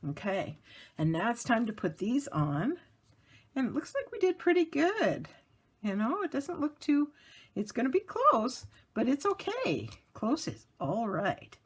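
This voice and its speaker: A woman's voice: fairly high pitch, wildly swooping pitch, a little slow, breathy edge. A woman giving a casual card-making tutorial, chatty and laughing lightly as she narrates each step at her work table.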